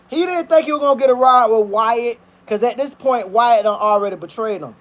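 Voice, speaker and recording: A man's voice: extremely high pitch, a little fast, few pauses. A man telling a story in a casual, rambling, slang-heavy commentary, swearing freely while he cooks in his kitchen. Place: kitchen, cooking while talking.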